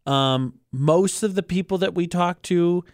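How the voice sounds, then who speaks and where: A man's voice: high-pitched, unhurried, no room sound, clean studio sound. A man co-hosting a casual podcast chat, talking with enthusiasm and rambling through restarts. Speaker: co-host.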